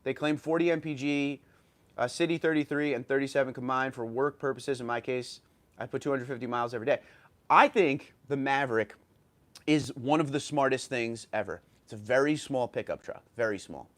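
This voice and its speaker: A man with a New York accent hosting a casual livestream, reading viewer comments and chatting loosely with fillers and restarts. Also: mid-range voice. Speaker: livestream host.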